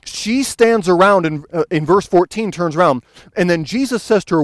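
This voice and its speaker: A man's voice: high-pitched, moderate pace, no room sound. A man preaching a sermon in an earnest, pastoral way, building to fervent emphasis as he quotes. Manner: earnest, rising to fervent emphasis when quoting.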